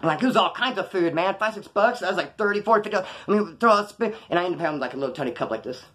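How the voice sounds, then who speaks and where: Fast-talking man telling rough stories. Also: sits high, expressive, fairly bright tone. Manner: profane, rambling, acts out the scenes. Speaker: former inmate telling his story. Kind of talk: casual storytelling.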